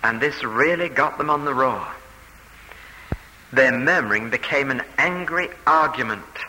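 A man preaches an expository sermon with emphatic repetition, his tone strikingly bright. His voice rings out in a large reverberant hall, with a faint hiss underneath. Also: medium pitch, unhurried.

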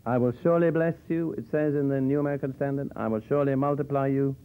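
A man's voice: mid-range voice, fairly even intonation, quick pace, clean tone. A man teaching from the Bible in a conversational sermon style with dry humor, explaining verses as he goes. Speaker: preacher. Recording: tinny phone-like old tape.

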